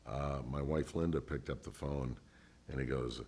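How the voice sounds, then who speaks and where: In this oral history interview, a former radio DJ, now older, speaks in a slightly rough bass voice at normal speed. He tells his stories with lively energy, acting out the voices of anyone he quotes.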